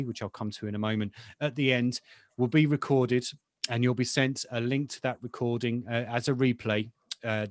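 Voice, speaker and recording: A man's voice: mid-range voice, dry recording. A man hosting a business webinar on a video call, chatty and loose, with frequent fillers. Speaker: webinar host, editor-in-chief.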